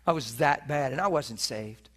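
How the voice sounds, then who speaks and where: A middle-aged man preaching, telling a personal story with animated delivery, acting out voices and laughing often. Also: medium pitch, moderate pace. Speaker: preacher teaching on healing. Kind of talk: sermon storytelling. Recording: live teaching session, room mic.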